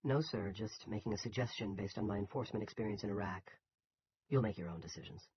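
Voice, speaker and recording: A man voicing a calm, polite male ex-army medic in an audiobook. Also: on the low side, dull audio, slight background noise, natural voice. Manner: calm, measured.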